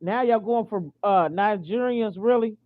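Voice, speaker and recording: In a casual opinion-rant vlog, a woman from the United States sounds indignant and repetitive, full of fillers and stop-start sentences. She speaks in a mid-range voice at a measured pace, recorded with tinny, phone-like audio.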